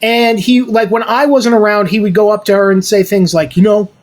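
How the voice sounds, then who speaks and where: A man's voice: sits high, a little fast. Profane storytelling man on a podcast. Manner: profane, animated, acts out dialogue. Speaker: podcast co-host. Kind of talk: casual storytelling.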